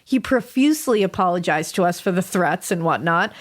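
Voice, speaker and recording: A young woman co-hosting a podcast, reading a listener's spooky story aloud in a lively way, laughing and swearing often. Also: fairly low pitch, brisk. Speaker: podcast co-host.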